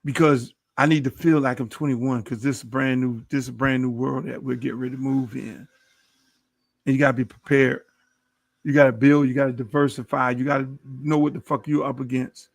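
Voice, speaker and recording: Gravelly middle-aged man preaching profanely. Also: medium pitch, level tone, brisk, dry recording. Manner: preachy, boastful, heavy swearing. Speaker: podcast host. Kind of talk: profane monologue.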